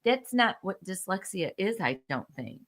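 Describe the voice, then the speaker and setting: A woman's voice: medium pitch, sing-song, moderate pace, fairly bright tone. A middle-aged woman co-hosting a casual podcast with her daughter, easygoing and laughing along. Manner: easygoing, laughs along, explains things plainly. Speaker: podcast co-host, the other host's mother. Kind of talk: casual comedic chat.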